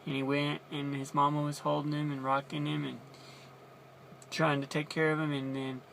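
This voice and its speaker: Man, chatty Bible lesson, forceful bright tone, faint background hiss. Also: a little high, monotone, normal speed, creaky. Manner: chatty, restarts and explains as he goes. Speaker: Bible teacher. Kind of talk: casual Bible story retelling.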